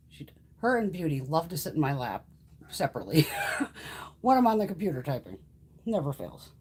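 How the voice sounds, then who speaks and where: Woman, livestream host, casual chat, husky, swears a lot, lively pitch. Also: fairly quick. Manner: swears freely, coaxes her cat in a high sing-song.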